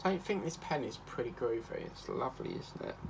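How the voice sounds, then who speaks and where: A chatty man rambles through stories while he works on a craft project. His mid-pitched voice has a gravelly fry to it. A faint hum sits behind him. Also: lively intonation, a little fast. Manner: rambling, chatty, breaks into snatches of song. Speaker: craft channel host. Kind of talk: casual chat while crafting.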